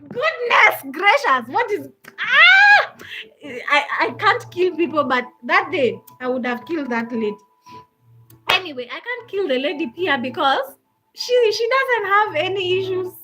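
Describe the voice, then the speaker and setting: A Kenyan woman hosting a live talk, telling a personal story in an animated way and often breaking into laughter. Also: very high-pitched, moderate pace, rough recording. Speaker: host.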